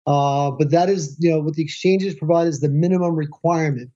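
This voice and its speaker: A man co-hosting a podcast, explaining things casually in a halting way, full of ums and restarts. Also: fairly high pitch, mellow. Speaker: podcast co-host. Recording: dull lo-fi sound.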